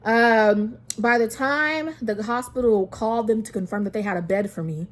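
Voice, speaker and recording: A woman's voice: on the high side, moderate pace. A woman in her twenties telling a personal story to camera in a chatty way, full of fillers and restarts, and near tears at times. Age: 20s. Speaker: vlogger.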